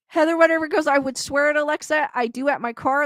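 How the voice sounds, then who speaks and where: A woman's voice: high voice, fast, hardly any pauses, no echo. A woman hosting a livestream, chatting casually, reading viewer comments aloud and laughing often. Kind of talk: casual chat.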